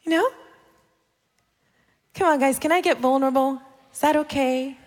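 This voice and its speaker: A woman in her thirties preaching a sermon, animated and playful, acting out the voices of the people she quotes. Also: high voice, a little fast. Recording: long hall reverb.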